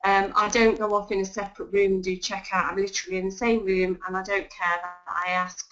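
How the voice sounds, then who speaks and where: A woman's voice: medium pitch, little pitch movement, a little fast, fairly bright tone, faint music behind. A woman giving sales tips in a webinar, chatty and full of ums and restarts. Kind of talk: webinar talk. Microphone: video call. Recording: dull lo-fi web call audio.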